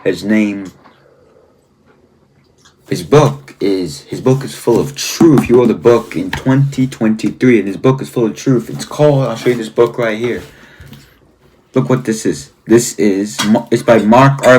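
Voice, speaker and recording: Scolding pastor calling someone out. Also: male voice, mid-range voice, darkish tone, slight background noise. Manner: scolding, repeatedly calls out the person by name; slow, deliberate emphasis on key phrases. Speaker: pastor commenting on a video. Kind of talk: confrontational commentary and reading aloud.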